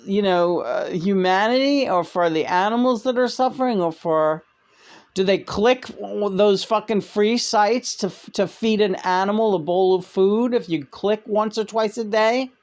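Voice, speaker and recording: A woman's voice: medium pitch, measured pace, a little mellow. A woman host in casual spiritual chat, talking bluntly and animatedly. She swears freely and sounds exasperated as she goes on. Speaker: channel host.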